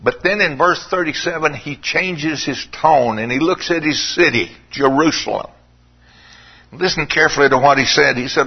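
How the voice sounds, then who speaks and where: A man preaching a sermon in a dramatic, drawn-out way, sometimes dropping to a hushed, pleading tone. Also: a little high, slightly rough. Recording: dull lo-fi sermon recording.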